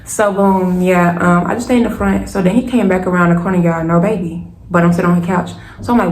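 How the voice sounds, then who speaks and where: A young woman, telling a personal story to her viewers in a lively, casual way and calling them y'all. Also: on the low side, fast, hardly any pauses. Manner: animated, keeps addressing viewers as y'all. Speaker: storytime vlogger. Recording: echoey room with faint hiss.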